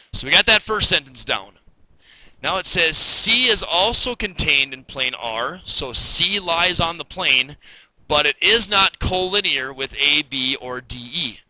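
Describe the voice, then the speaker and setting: A man's voice: fairly high pitch, bright, forceful tone, rough recording. A man teaching a recorded math lesson, explaining step by step in a casual, patient way.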